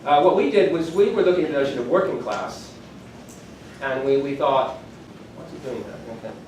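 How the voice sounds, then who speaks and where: A man's voice: fairly high pitch, lively intonation, a little fast, a little mellow, a little hiss or hum. A man in his sixties giving a conference keynote lecture, talking conversationally with self-deprecating asides. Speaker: keynote speaker. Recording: echoey hall from far off, faint room ambience.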